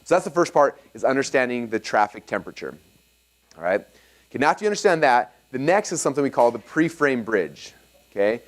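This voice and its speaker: A man's voice: medium pitch, a little fast. A man teaching a live seminar audience about marketing, telling stories with lots of fillers and restarts. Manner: energetic storytelling with many fillers and restarts.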